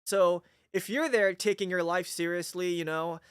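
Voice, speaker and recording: A man's voice: sits high, moderate pace, clean tone, no room sound, studio quality. A man in his forties with a Taiwanese accent, hosting a casual livestream. He jokes a lot and often checks in with "right?". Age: 40s. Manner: animated and joking, with frequent "right?". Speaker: livestream host.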